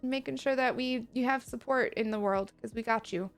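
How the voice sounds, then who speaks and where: A woman streaming live, chatting with her viewers, reading their messages aloud and reassuring them gently and warmly. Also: on the high side, a little fast, faint music behind. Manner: gentle, reassuring and affectionate toward chat.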